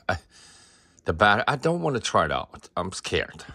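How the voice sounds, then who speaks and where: A man's voice: low-pitched, sing-song, normal speed, creaky, bright, forceful tone, breathy edge. A man, an artist musing aloud in a rambling, profane, self-interrupting monologue.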